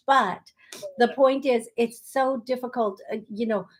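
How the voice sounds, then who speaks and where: Woman medium on a video call, gentle comforting tone, kinda high voice, lots of restarts. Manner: gentle, consoling, talks in rushes with restarts. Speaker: psychic medium host. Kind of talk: live online show, relaying messages.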